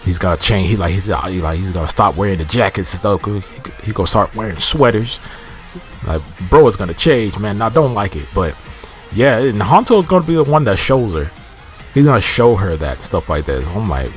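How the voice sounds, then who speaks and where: A man's voice: lowish voice, animated, fairly quick, faint music behind. A man casually recapping a TV episode in a rambling, slangy way, often restarting his sentences. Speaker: TV episode reviewer.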